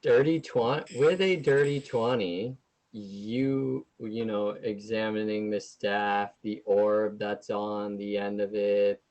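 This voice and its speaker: Low-voiced guy running a tabletop game, slow and hesitant, swears a lot. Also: steady tone, darkish tone. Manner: hesitant, loose and profane. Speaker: game master.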